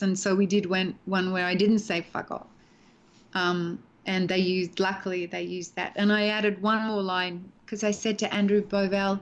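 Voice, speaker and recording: A middle-aged woman tells stories in a chatty, animated way, laughing easily. Her voice sits at an average pitch for a woman. The audio is dull and lo-fi, like a home video call. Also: normal speed. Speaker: guest actress. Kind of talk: casual interview chat.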